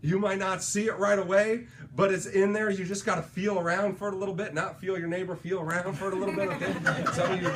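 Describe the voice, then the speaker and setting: A man with a high-sitting voice talks quickly, barely pausing, in a motivational sales training session. He tells stories energetically and caps his points with "right?".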